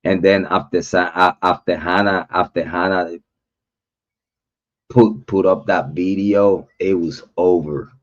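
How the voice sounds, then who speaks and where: A man's voice: low voice, steady tone, unhurried. A man hosting a livestream, ranting bluntly and cursing a lot as he calls people out. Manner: blunt, profane call-out talk. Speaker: livestream host. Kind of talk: livestream rant. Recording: dull lo-fi livestream audio.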